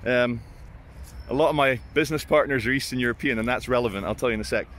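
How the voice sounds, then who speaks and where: A British man tells blunt, self-mocking stories outdoors at sunrise in casual vlog style, swearing freely. His voice is mid-range, fast and a bit bright.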